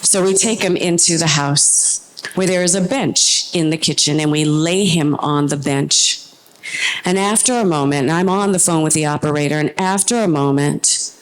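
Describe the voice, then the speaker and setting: Speaking low, a middle-aged woman recounts something from her own life to an audience, holding a microphone in her hand. She's earnest and vivid, and her delivery slows into moments of tense silence.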